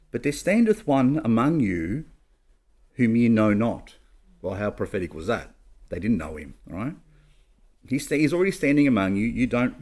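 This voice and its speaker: A man preaching a sermon, reading King James scripture aloud and putting questions to his listeners before answering them himself. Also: mid-range voice. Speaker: pastor.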